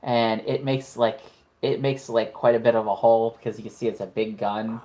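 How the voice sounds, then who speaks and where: A woman's voice: extremely low pitch, fairly even intonation, brisk, mellow. A woman narrating a tabletop horror game as game master, casual and profane, with lots of "like" fillers.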